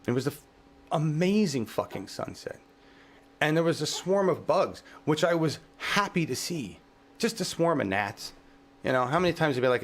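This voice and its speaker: Profane, gravelly man ranting. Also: a little high, animated, a little fast. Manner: profane, agitated, swings between grief and shouting. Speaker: channel host. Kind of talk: impassioned vlog rant. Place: outdoors in his yard.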